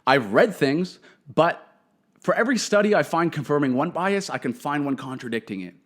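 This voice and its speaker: Male solo comedy podcaster, somewhat high voice, profane and opinionated, ranting monologue. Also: lively intonation, moderate pace. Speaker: podcast host.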